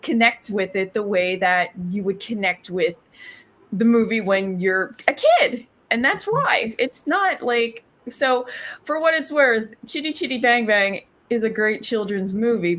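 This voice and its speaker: A woman's voice: fairly high pitch, sing-song, measured pace, a bit bright. A woman co-hosting a podcast, chatting casually about a film with many fillers and restarts. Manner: rambling, heavy use of "like" and "um". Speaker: podcast co-host. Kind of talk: casual movie review chat.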